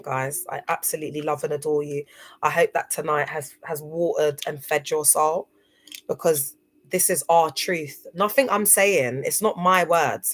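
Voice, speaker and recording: A woman's voice: low voice, fairly bright tone. A young woman hosting a motivational livestream, talking in an emphatic, chatty way with slang and repeated phrases. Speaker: livestream host. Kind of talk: casual motivational livestream talk.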